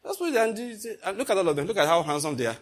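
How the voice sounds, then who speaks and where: A middle-aged Nigerian man preaching a sermon, telling stories and slipping into pidgin, moving between loud and hushed delivery. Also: sits high, big pitch swings, fast talker. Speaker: pastor. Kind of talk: sermon with storytelling.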